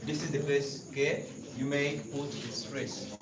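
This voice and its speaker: A man's voice: medium pitch, flat delivery, a little slow, background noise. Echoey, far-off male English teacher. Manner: corrective, explains pronunciation patiently. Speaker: English teacher questioning a student. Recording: echoey room from far off with crowd.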